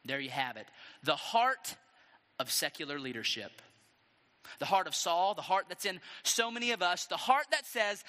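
A male pastor delivering a sermon with dramatic, animated storytelling and a string of rhetorical questions. His voice sits high and very bright, and it leaps around expressively. Long reverb from a large hall follows every phrase. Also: normal speed.

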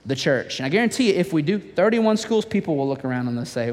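A male pastor preaching a sermon in a church, telling stories in a playful, animated way with asides to the congregation. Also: a little high, fast talker, hardly any pauses, long reverb tail, slight background noise.

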